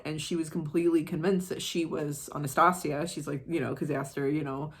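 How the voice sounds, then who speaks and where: A woman's voice: low voice, fairly even intonation, a little fast, hardly any pauses. An American woman chatting casually in her art vlog, rambling through side stories and swearing offhandedly. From United States. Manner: rambling, full of tangents and asides. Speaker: art vlogger. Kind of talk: casual chat.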